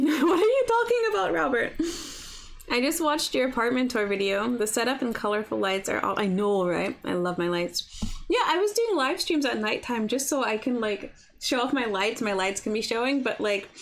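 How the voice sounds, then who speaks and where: A young woman hosting a casual breakfast livestream from her apartment. She chats freely, fills her talk with "like", and answers viewers' comments as they come in. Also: fairly high pitch. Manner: chatty, lots of "like" fillers, reads and answers comments. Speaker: livestream host. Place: home apartment.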